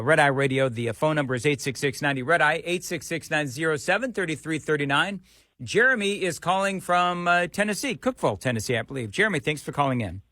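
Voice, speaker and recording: A man's slightly high voice swings widely in pitch as he hosts American talk radio, hammering his points with repeated phrases. The sound is close and dry. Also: dry recording. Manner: animated, emphatic, repeats phrases. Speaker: radio talk show host. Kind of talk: political talk radio commentary.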